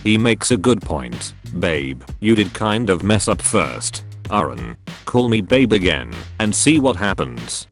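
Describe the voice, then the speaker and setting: A man's voice: low voice, very animated, unhurried, soft background music. A man narrating funny online posts in a read-aloud comedic style.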